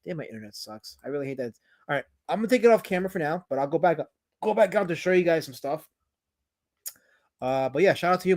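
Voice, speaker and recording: A man's voice: a little high, a bit bright. A man hosting a casual livestream. He rambles, jokes, swears and reads viewers' comments aloud, and he sounds tired. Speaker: livestream host.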